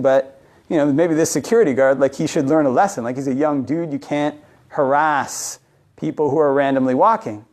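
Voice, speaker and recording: A man's voice: medium pitch, darkish tone. A man, a Buddhist monk from Canada, tells a personal story in a casual Dhamma talk, full of "you know" fillers and acting out both sides of a conversation. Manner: chatty storytelling, many "you know" fillers, acts out dialogue.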